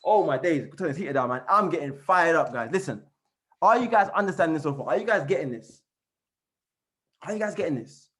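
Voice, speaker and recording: A man giving an energetic motivational training on a call, repeating and chanting phrases as he coaches his team. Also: a little high, brisk. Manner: fired-up, repetitive, chanting phrases. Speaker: network marketing trainer. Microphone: call recording.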